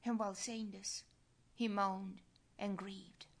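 A woman giving a slow, solemn, earnest devotional reading. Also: medium pitch, flat delivery. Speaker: reader.

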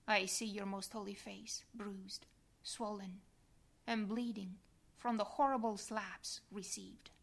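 A woman reading a devotional meditation aloud in a soft, prayerful manner that sometimes drops to a whisper. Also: medium pitch, little pitch movement, slow pace, vocal fry.

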